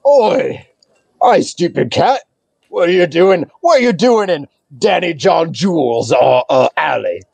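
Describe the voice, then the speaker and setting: A man's voice: on the high side, animated, a little slow, vocal fry, darkish tone, no echo, full character voice. A man voicing a huge, hungover, dim-witted half-ogre alley thug who blusters and stumbles over his own name. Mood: grumpy.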